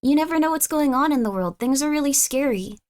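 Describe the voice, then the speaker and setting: A woman streaming live, chatting casually and rambling, reacting to chat with sudden high squeals and wide swings in pitch. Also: animated, brisk.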